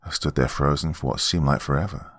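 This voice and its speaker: A man with a very low, deep voice narrates a horror story in the first person. His delivery is measured and dramatic. The recording is dry and close, with no room sound. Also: fairly even intonation, a bit bright, dry recording. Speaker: horror podcast host and narrator.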